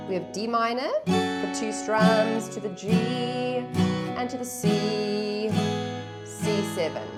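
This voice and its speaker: A woman teaching a guitar lesson, calling out chords and counting beats aloud. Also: fairly high pitch. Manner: patient, counts beats aloud over strumming. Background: acoustic guitar playing.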